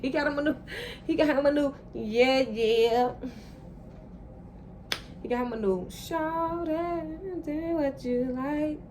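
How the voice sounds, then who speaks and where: A woman telling a personal story straight to her viewers in a casual, animated and profane monologue. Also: medium pitch, background noise. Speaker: vlogger.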